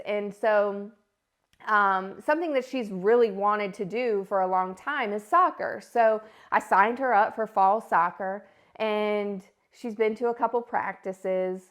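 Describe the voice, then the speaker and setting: A woman in her thirties, a podcast host telling a story in a casual monologue and acting out the voices she quotes. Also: mid-range voice. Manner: animated, acts out quoted voices.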